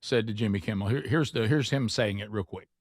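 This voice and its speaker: A man's voice: on the low side, brisk, no room sound. Folksy man hosting a call-in show. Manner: folksy, chatty, laughs easily. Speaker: radio show host. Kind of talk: casual call-in show chat.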